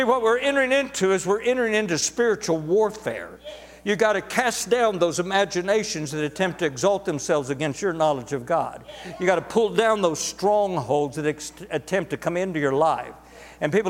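A man's voice: high voice, expressive, moderate pace, long reverb tail. A man preaching a sermon to a congregation, emphatic and repetitive, drawing words out for stress. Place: church sanctuary.

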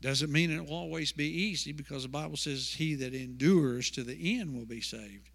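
A man's voice: fairly high pitch, moderate pace, gravelly, fairly bright tone. A male pastor preaching a sermon in a church, emphatic, repeating words and asking rhetorical questions. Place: church sanctuary. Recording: long hall reverb.

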